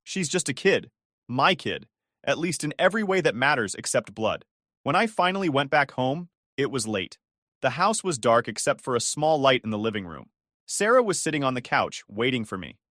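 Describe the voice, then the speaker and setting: A man's voice: medium pitch, very animated, normal speed, fairly bright tone, no echo, clean studio sound. A man narrating a scripted first-person family drama story, with bitter, emphatic phrasing and rising questions.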